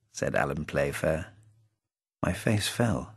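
A man reading his own novel aloud as an audiobook, narrating in a dry, wry and measured way. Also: sits low, very animated, husky, no echo.

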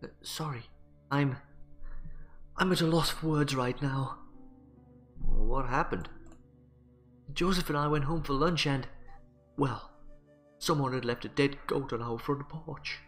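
A man's voice: medium pitch, soft background music, pitched above the performer's own voice, natural voice. A man reading as a frightened village wife. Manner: halting, fearful.

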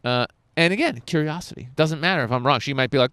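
Lively fast-talking male dating coach. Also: on the high side, smooth, no echo. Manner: animated, profane, acts out dialogues. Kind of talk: energetic seminar talk. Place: indoor seminar room.

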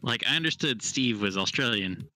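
Bright-voiced blunt man. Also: medium pitch, animated, moderate pace, soft background music. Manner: blunt, opinionated storytelling. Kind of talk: casual chat.

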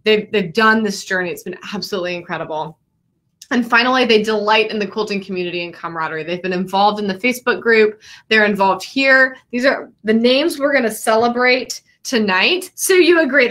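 A woman's voice: medium pitch, fairly quick, pushed and bright. A woman hosts a live online quilting class celebration. She talks effusively and greets viewers by name. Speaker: quilting teacher and livestream host.

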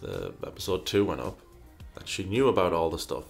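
A man with a low, creaky voice and lively intonation hosts a casual Q&A at a brisk clip, soft music playing underneath. He reads viewers' questions aloud, muses over each answer, and often repeats himself.

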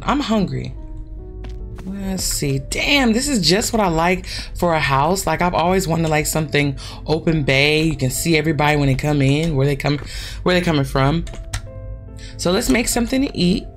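Chatty woman with a lively, lowish voice. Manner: chatty, animated, swears freely, talks straight to viewers. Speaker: gaming channel host. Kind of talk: casual horror game commentary.

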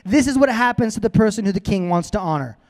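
Brief: man doing a boastful official making lavish demands, fairly high-pitched. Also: expressive, fast, a little mellow, big-room sound. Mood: grandiose. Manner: grandiose, showy demands.

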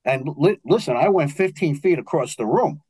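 Guesting in an interview, an older man with a New York accent recounts martial arts stories, animatedly acting out what people said. His voice is on the high side and slightly rough, at a moderate pace, with no room sound.

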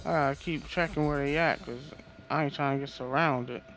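Fairly high-pitched and steady in tone, a gameplay streamer talks briskly while playing a shooter, tossing out profane trash talk at enemies when frustrated. It's casual let's-play commentary with game music underneath.

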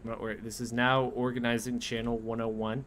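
A young man playing a cooking game and commenting as he goes, frantic and sarcastic, jumping from low mutters to squeaky outbursts. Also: flat delivery, a little fast, fairly bright tone, a little hiss or hum. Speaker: gaming youtuber. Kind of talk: casual gameplay commentary.

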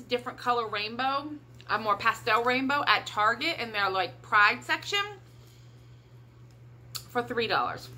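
Bright chatty Midwestern woman vlogger. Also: a little high, a little hiss or hum. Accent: American Midwest. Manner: chatty, upbeat, rambling with fillers. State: talking around a cough drop. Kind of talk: casual haul chat.

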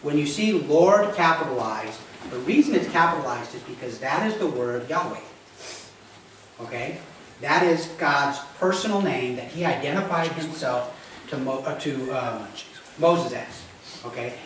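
A pastor with a medium-pitched, fairly bright voice and lively intonation speaks a little slowly as he reads scripture. His sermon is conversational teaching, and he frequently asks his congregation "Okay?" The recording, from a distant mic in an echoey church sanctuary, has a little hiss or hum.

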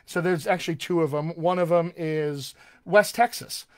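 A man's voice: fairly high pitch, fairly even intonation, moderate pace. An American man working as a dialect coach, answering viewer questions in a live online session and demonstrating sounds as he explains. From United States.

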